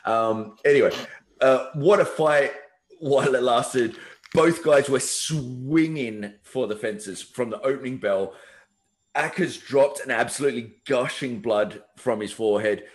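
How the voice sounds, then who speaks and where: Man recapping fights, animated. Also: medium pitch, a little slow. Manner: animated storytelling, swearing, acting out fighters' lines. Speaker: podcast co-host. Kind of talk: casual fight recap chat.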